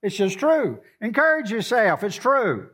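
Man, high voice, preaching a sermon, conversational, quotes scripture. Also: sing-song, measured pace, fairly bright tone. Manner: conversational preaching, quoting scripture, coaxing the congregation.

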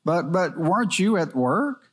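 A man's voice: high voice, big pitch swings, unhurried, voice pushed up, full character voice. A man playing a tearful, ashamed little girl. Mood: pleading. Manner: pleading and distressed.

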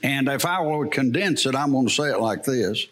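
A man's voice: medium pitch, animated, moderate pace, a bit bright. A man preaching a sermon in church, telling folksy stories with a farmer's plain talk and frequent chuckles. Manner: folksy storytelling with laughs. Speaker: pastor.

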